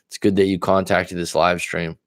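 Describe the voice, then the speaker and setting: Low-voiced guy doing a coaching livestream, blunt and chatty, swears some, dry close sound. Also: flat delivery, normal speed, fairly bright tone, dry recording. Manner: candid storytelling, blunt, swears casually. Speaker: dating coach. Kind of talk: casual livestream chat reading viewer comments. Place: lives in Thailand.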